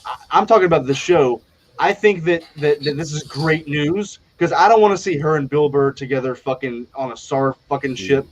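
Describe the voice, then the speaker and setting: A man hosting a live online chat show, blunt and profane, riffing fast with strong opinions. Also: fairly high pitch, low-quality recording. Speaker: podcast host. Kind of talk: casual live panel chat.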